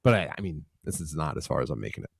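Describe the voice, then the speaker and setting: A man's voice: rumbling low, big pitch swings, rapid-fire, creaky, slightly rough, no room sound, studio quality. A man from Philadelphia, a podcast guest, talking in loose rambling chat with lots of swearing and fillers.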